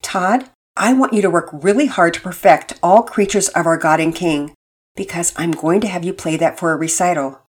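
A woman voicing a homeschooling mother who speaks gently and encouragingly to her children. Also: fairly low pitch, moderate pace, breathy edge.

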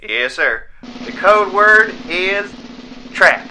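A man voicing an eager, excitable male contestant calling in to a radio show in a comedy sketch. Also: a little high, fast, background noise.

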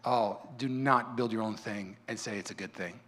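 A male pastor preaching a sermon in a fervent, fired-up manner with quick repeats. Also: fairly low pitch, fairly bright tone.

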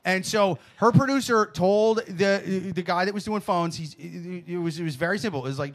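A man hosting a casual comedy talk show, telling a story in an animated, profane way. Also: high voice, moderate pace, hardly any pauses. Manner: animated storyteller, swears freely. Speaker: podcast host.

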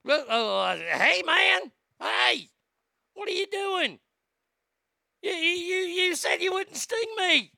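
A nervous, laid-back male frog stammers and trips over his own words, as a man puts him on. The voice is bright and gravelly. It is recorded close and dry. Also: extremely high pitch, big pitch swings, takes it slowly, no echo, voice pushed up, exaggerated voice. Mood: alarmed.

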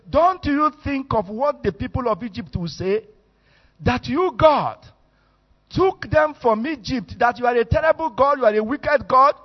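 A man's voice: extremely high pitch, voice pushed up. A man with a Nigerian accent voicing an older male prophet who pleads earnestly and respectfully. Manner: earnest, reasoning, deferential. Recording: echoey hall, muffled sound.

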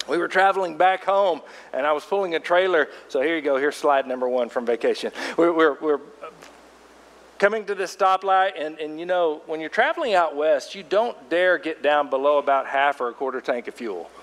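A man preaching a sermon, telling a story from his own travels with lively asides to the congregation. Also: sits high, in a large hall. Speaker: pastor.

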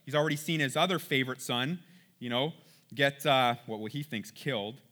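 A man's voice: mid-range voice, fairly quick, pushed and bright. A man teaching from the Bible in a conversational way. He reads passages aloud, then comments on them casually and often checks in with his listeners.

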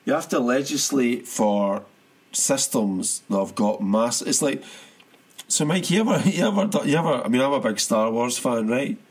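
Animated rambling man. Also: medium pitch, normal speed, breathy edge. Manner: rambling, animated, frequent restarts and laughs. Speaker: podcast co-host. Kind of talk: casual football chat.

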